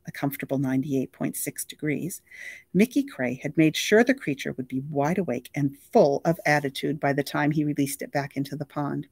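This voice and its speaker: A library reader reading a novel aloud with lively, expressive storytelling. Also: medium pitch, no echo, studio quality.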